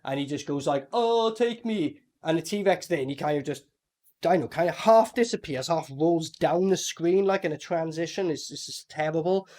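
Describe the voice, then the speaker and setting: A man casually reviewing a film with a co-host, animated and mocking, swearing often. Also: on the high side, moderate pace. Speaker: movie reviewer. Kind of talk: casual movie review chat.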